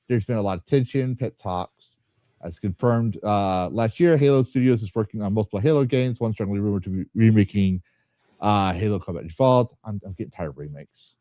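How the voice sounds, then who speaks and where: A man's voice: lowish voice, a little fast, no room sound. A man hosting a podcast in casual chat, rambling and joking, often stopping to restart his sentences. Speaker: podcast host. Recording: slightly dull, dry sound.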